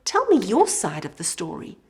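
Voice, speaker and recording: A woman voicing a wise king who calmly weighs a dispute in a children's Bible story. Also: lowish voice, moderate pace, long reverb tail. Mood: measured.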